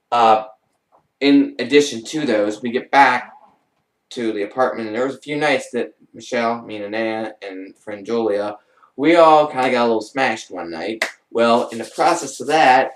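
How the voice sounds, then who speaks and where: Young guy rambling thru his stories, animated, kinda far from the mic, echoey room. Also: moderate pace. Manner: rambling, animated, mimics others in high voices. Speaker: vlogger. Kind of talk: casual storytelling. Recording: roomy echo, off-mic.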